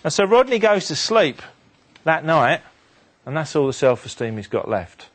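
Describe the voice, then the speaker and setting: A man giving a motivational talk to an audience, telling a story in an animated way and dropping his voice low and quiet for the sad moments. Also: normal speed, husky. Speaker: motivational speaker.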